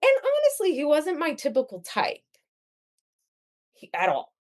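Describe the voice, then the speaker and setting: A woman's voice: high-pitched, a little slow. A woman in her thirties, a podcast guest telling her own story in a casual, chatty way with plenty of fillers. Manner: chatty, animated, lots of fillers.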